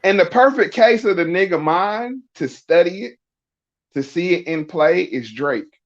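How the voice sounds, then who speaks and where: A man's voice: high-pitched, animated, a little slow. A middle-aged man in a casual podcast conversation, explaining emphatically and often asking rhetorical questions. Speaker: podcast guest. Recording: dull lo-fi sound.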